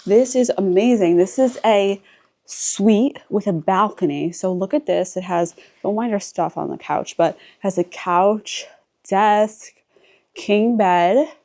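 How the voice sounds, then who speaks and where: A woman's voice: mid-range voice, takes it slowly, mellow. A woman touring a resort on camera as a vlogger, chatting casually and exclaiming at what she sees while she walks through the rooms. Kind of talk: casual walk-through vlog narration. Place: indoor resort spaces while walking.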